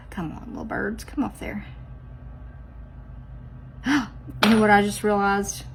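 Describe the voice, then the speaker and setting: A woman does her nails while chatting casually and directly to her viewers, teasing herself along the way as a nail art vlogger. Her mid-range voice is gravelly, with a steady tone and moderate pace, and the background is noisy.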